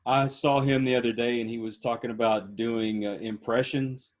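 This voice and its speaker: A man's voice: medium pitch, steady tone, moderate pace. Texan man, podcast host, easygoing drawl, casual interview chat, friendly and rambling.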